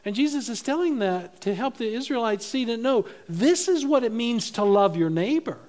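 A man preaching a sermon as pastor of his church, animated, swinging between loud emphasis and soft, low asides. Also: normal speed.

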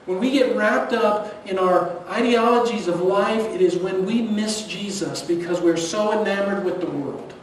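A man, a pastor preaching a sermon in a church, swinging between loud emphasis and hushed near-whispers. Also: high voice, normal speed, hardly any pauses. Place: church sanctuary. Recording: echoey hall, distant mic, faint noise.

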